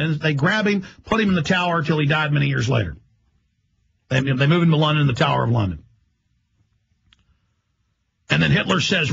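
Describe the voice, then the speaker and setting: A man hosting a radio show, delivering a rapid, emphatic, rambling monologue. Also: on the high side, gravelly, fairly bright tone, slightly rough, dull audio.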